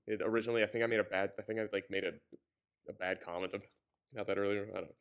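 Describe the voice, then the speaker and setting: A man's voice: lowish voice, racing. A man reading a novel aloud, often stumbling, correcting himself and breaking off with sarcastic commentary. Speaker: reader and commentator.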